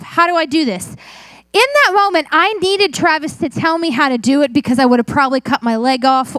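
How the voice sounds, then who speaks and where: A woman's voice: sits high, no echo. A middle-aged woman pastor preaching a sermon in a chatty, self-mocking storytelling way.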